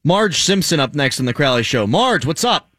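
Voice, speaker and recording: Lively, bright-voiced radio host man. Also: on the high side, moderate pace, no room sound. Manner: pushy, teasing banter. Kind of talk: sports talk radio hosting.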